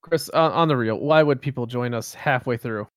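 A man's voice: medium pitch, normal speed, no room sound, clean studio sound. A young man co-hosting a podcast in casual banter, jokey and laughing often. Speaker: podcast co-host.

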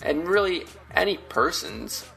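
Bright-voiced laid-back male co-host. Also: fairly high pitch, very animated, a little slow, creaky. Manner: laid-back, laughs often. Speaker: podcast co-host. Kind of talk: casual podcast chat.

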